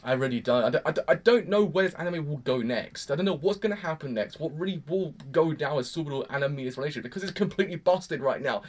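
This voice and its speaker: Rambling young man, slightly high. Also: expressive, fast talker, hardly any pauses. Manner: rambling, exasperated, emphatic. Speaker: anime reviewer. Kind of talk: casual reaction commentary.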